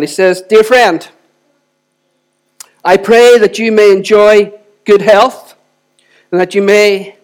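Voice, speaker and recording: Male pastor, high voice, chatty sermon delivery full of restarts. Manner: conversational preaching with frequent restarts and repeated words. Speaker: lead pastor.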